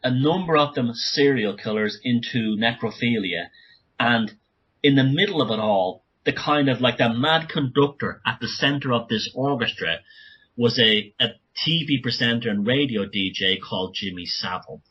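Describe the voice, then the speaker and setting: A man talking as a guest author on a podcast interview, speaking urgently in rapid bursts with many restarts. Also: mid-range voice, a bit bright, husky, highs cut off.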